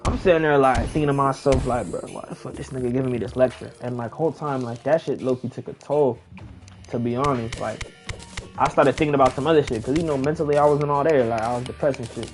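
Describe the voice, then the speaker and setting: A young man casually telling a long personal story while playing a game, slangy and animated, acting out the people he quotes. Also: medium pitch, fast, soft background music. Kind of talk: casual storytime over gameplay.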